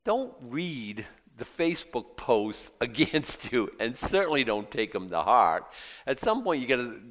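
Animated preacher in a reverberant hall. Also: male voice, medium pitch, measured pace. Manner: animated preaching with acted asides and scripture reading. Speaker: pastor. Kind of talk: sermon.

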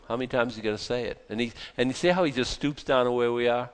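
A man's voice: mid-range voice, steady tone, fast, hardly any pauses, clean tone. Chatty man preaching a casual sermon. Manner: chatty, self-interrupting, with joking asides. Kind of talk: conversational sermon.

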